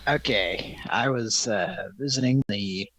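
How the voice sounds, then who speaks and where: A man's voice: fairly low pitch, takes it slowly, a bit bright, dry recording, rough recording. A man hosting a live comedy show, talking in a wry, amused, rambling way. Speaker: host. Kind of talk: casual banter on a live show.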